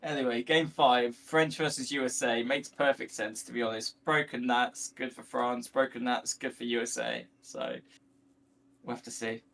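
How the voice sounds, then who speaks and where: Bright, chatty young male caster. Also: mid-range voice, lively intonation, moderate pace, creaky. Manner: chatty, analytical play-by-play. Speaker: esports caster. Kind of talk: live esports commentary.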